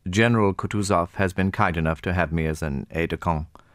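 A man's voice: sits low, brisk, no room sound, natural voice. A man reading a weary, sarcastic young prince. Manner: dry, sarcastic. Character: weary, bored young male aristocrat. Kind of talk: audiobook character voice.

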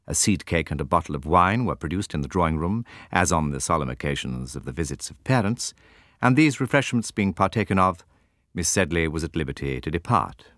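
An audiobook narrator with a low voice reads a classic novel in a measured, expressive way, his pitch shifting widely from line to line. The recording is dry and close, with no room sound.

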